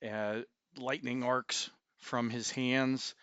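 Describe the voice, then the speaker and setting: Slow, smooth-voiced man at a game table. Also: medium pitch, level tone, fairly bright tone, no room sound, dull audio. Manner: slow, measured describing of his character's actions. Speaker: player.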